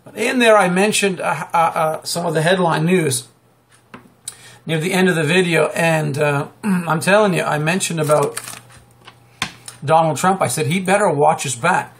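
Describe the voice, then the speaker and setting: A middle-aged man hosting his own live stream, talking through political news in a chatty, rambling way full of fillers, restarts and sudden high exclamations. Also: moderate pace, creaky, a bit bright, slight background noise. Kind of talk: rambling political commentary monologue.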